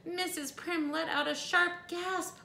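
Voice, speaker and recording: Expressive woman reading a storybook aloud. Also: mid-range voice, measured pace, slight background noise. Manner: expressive, animated storytelling with asides. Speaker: storybook reader. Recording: echoey room, faint ambience.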